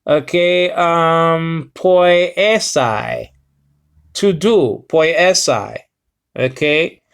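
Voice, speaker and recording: A man giving a casual Bible lesson, reading slowly with many fillers and sounding out Greek words. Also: a little high, fairly bright tone, clear, resonant tone. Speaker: Bible teacher.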